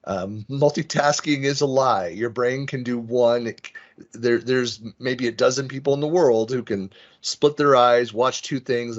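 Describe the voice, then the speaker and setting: Bay area guy giving an online talk, rambly with lots of ums, kinda muffled call audio. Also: mid-range voice. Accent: Western US, Bay Area. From San Francisco Bay Area. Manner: rambling, self-deprecating, frequent fillers and restarts. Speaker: conference speaker. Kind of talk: online presentation. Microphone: video call.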